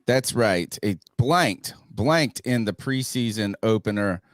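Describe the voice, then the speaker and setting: A man hosting a sports podcast over a video call, talking in an animated, playful way. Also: on the low side, slow pace, no room sound, studio quality. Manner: animated, playful, mock-panicky. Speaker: podcast host. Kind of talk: casual sports podcast talk. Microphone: webcam and mic on a video call.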